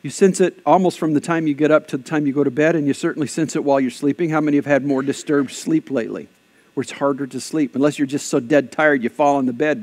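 A man pastor preaching a lively sermon, shifting between conversational asides and loud, emphatic bursts. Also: a little high. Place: church.

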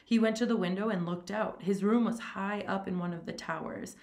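A woman reading a short story aloud in a steady, plain manner, with small stumbles. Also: medium pitch, brisk. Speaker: reader.

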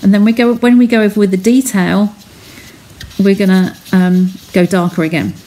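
A woman's voice: medium pitch, steady tone, normal speed, mellow. A woman chatting as she talks viewers through a craft technique step by step on a live stream from her home studio. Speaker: craft demonstrator.

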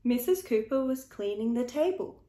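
A woman reading a children's picture book aloud in a slow, expressive, rhythmic way. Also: a little high. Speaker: storyteller. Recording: echoey room.

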